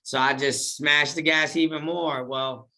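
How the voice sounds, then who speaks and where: A man with a fairly high voice, talking a little slowly, shares his life story in a casual interview. He's animated, uses plenty of slang, and acts out what he used to say.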